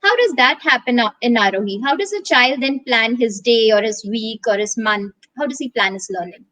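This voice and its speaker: A woman hosting a relaxed conversation, attentive, summing up her guest's points and asking follow-up questions. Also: fairly high pitch, moderate pace, poor audio. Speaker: host. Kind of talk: casual conversation.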